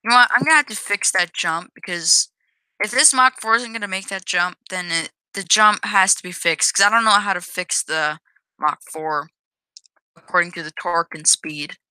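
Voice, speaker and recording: A woman's voice: medium pitch, pushed and bright, clean tone, no echo, rough recording. A woman giving casual commentary while playing and showing her own game, hesitant, with many restarts and self-corrections.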